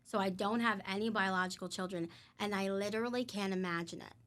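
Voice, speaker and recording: A woman guest in a casual podcast conversation, telling personal stories in an animated way and acting out what people said. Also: mid-range voice, fast. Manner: animated storyteller, acts out quotes, emphatic.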